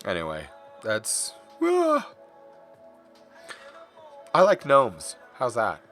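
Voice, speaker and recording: A middle-aged man rambles on in a relaxed, candid way while he draws on a live stream. His pitch rises and falls freely as he talks. He keeps apologizing for his own swearing. Soft music plays quietly behind him. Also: moderate pace. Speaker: artist streaming while drawing. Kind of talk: casual chat while drawing on stream.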